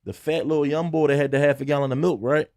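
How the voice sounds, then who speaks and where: A young man from Philadelphia, a podcast guest, telling a story in casual chat, animated and cursing freely. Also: on the high side, quick pace, vocal fry, no echo, clean studio sound. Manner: animated storyteller, acts out quotes in raised voice, swears freely. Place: podcast studio.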